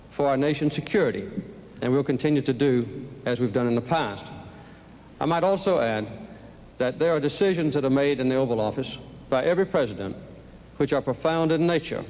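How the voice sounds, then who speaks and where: A candidate speaks at a formal debate, choosing his words slowly and deliberately. His voice sits at an ordinary middle pitch for a man. The old archival recording carries a long, booming hall reverb. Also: lively intonation, a little mellow. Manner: measured, deliberate, speechlike.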